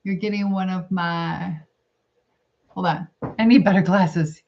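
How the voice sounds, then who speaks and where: Unhurried and fairly even in intonation, a middle-aged woman with a fairly low, darkish voice hosts a casual livestream. She chats with viewers, reads their comments and rambles while eating, thinking aloud throughout. The stream audio is dull and lo-fi.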